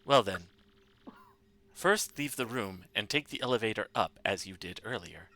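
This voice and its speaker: A man reading the lines of a polite male computer intelligence in a measured, formal way. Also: fairly low pitch, expressive, bright, forceful tone. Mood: calm.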